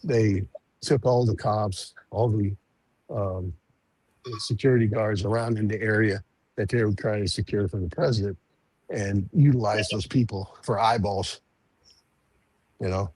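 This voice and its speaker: Lowish husky guy, dry close sound, stops and restarts a lot while explaining. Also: fairly even intonation, a little mellow, dry recording. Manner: halting, restarts sentences, drawn-out explaining. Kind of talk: casual chat.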